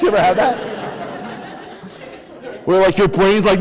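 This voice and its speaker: A male motivational speaker tells a story to a crowd. He performs every exchange in the tale himself, dropping to a near whisper and then climbing to loud, excited questions aimed at the audience. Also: high-pitched, moderate pace, pauses often. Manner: acts out dialogue, swings from hushed to loud and animated. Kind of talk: storytelling talk to a live audience.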